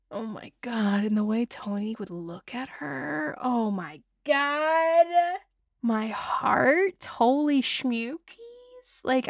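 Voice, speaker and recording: A woman gushes through a casual film breakdown, swearing freely and sighing over her favorite scenes. Her voice sits on the higher side. The sound is dry and close, with no room behind it. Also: no echo. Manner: expressive, gushing, swears freely, sighs and laughs. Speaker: film reviewer, host.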